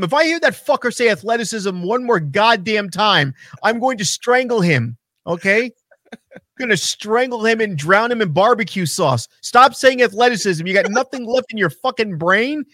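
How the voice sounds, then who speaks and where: Man, high voice, animated profane ranter, casual podcast co-host, dry mic. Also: moderate pace, no echo. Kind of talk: casual wrestling talk.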